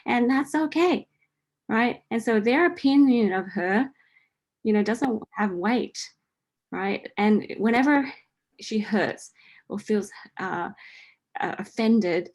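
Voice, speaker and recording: Woman, forties, friendly coach answering a listener, chatty with a steady "right?". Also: mid-range voice, breathy edge. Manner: chatty, repeats "right?" often, laughs lightly. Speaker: host answering a listener's question. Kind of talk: casual spiritual coaching talk.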